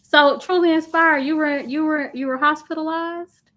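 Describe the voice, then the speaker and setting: A woman's voice: sits high, steady tone, moderate pace, a bit bright. A woman hosting a casual livestream from home, chatting with viewers and reacting sympathetically to their comments, with a loose, filler-heavy way of talking. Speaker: livestream host. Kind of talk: casual live chat reading viewer comments.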